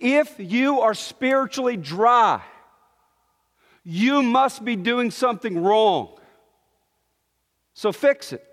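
A man with a high voice preaches slowly and deliberately, explaining scripture in an earnest teaching tone. He often restarts his phrases as he works toward a point. His voice rings out with a long reverb, as in a large church hall. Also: lively intonation, fairly bright tone. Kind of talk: sermon.

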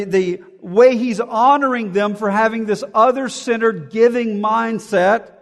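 High-voiced preaching man in a reverberant hall. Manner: expository preaching, conversational with emphatic asides. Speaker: pastor. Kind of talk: sermon.

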